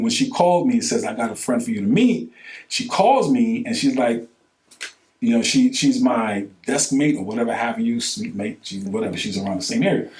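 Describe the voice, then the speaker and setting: Animated New man telling a story. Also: mid-range voice, reverberant. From New York. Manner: animated, acts out quoted dialogue with colloquial slang. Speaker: podcast co-host. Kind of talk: casual storytelling chat.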